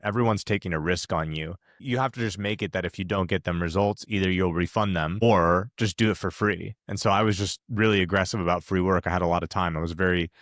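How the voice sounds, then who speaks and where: A man's voice: sits low, a bit bright, dry recording, clean studio sound. A man talking as a podcast guest, laid-back and confident, with slangy storytelling. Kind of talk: casual podcast conversation.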